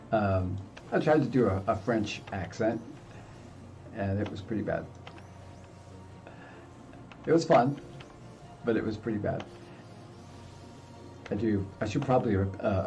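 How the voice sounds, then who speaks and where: Older man, game commentary, low gravelly voice, easygoing self-mocking chat. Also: warm tone. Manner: chatty and self-deprecating. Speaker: gaming video host. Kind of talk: casual gameplay commentary.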